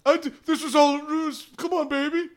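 A man voicing a cowardly man named Thaddeus who begs and cries in a high whiny voice. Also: little pitch movement, fairly quick. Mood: whimpering. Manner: whiny, high, crying and begging.

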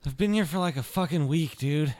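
A man's voice: on the high side, a little fast, darkish tone, no echo. A man playing a tabletop game, brash and swearing. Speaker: player.

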